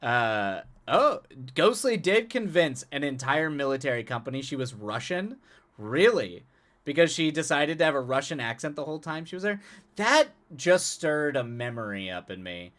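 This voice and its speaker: A man's voice: on the high side, sing-song, moderate pace, a bit bright. Chatty man streaming live to viewers. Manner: chatty, laughs often, repeats words and restarts. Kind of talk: casual chat with stream viewers.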